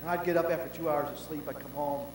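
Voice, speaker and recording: An older male pastor preaching a sermon, telling stories with animated swings from shouts to hushed tones, recorded in a large pavilion. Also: on the high side, fast. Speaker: senior pastor. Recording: roomy hall with long reverb and faint hum.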